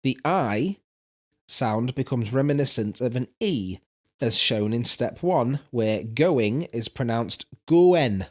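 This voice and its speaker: A man's voice: medium pitch, lively intonation, slow. Teasing man reading podcast how-to. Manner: reads out step by step, teasing and swearing casually. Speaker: podcast co-host. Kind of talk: casual podcast chat, reading instructions aloud.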